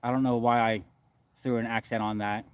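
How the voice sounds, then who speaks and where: A man's voice: mid-range voice, brisk, smooth, no echo. Laid-back man streaming from the woods. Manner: relaxed, many filler uhs. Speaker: livestreamer reading chat. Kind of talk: casual live-stream chat. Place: outdoors in the woods.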